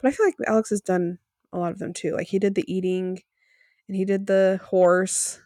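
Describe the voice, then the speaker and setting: A woman's voice: medium pitch, steady tone, moderate pace, dark tone, no room sound, studio quality. A woman co-hosting a podcast, chatting casually and laughing often as she retells events. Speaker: podcast co-host. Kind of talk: casual recap chat.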